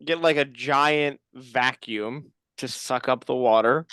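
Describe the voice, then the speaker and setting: A comedy podcast co-host chatting in a deadpan, rambling way full of tangents. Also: medium pitch, slow pace, no echo. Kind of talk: casual comedic chat.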